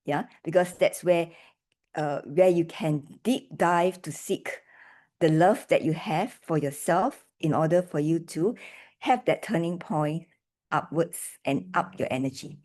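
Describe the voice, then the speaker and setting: A woman's voice: low voice, measured pace, warm tone. A woman on a video call evaluating a speech's delivery, coaching with encouraging checks like "right?" and "okay?". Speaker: delivery evaluator at a speaking club meeting.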